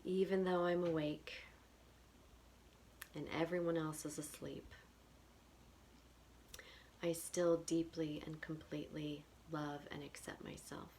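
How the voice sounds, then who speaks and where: A woman guiding a tapping session in a whispered role-play, speaking slow phrases for the listener to repeat. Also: sits low, level tone, a little mellow, a little hiss or hum. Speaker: EFT tapping guide.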